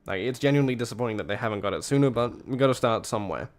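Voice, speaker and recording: A man's voice: medium pitch, very fast. A tired man streaming and reacting to a clip, rambling and blunt in casual commentary, cursing freely.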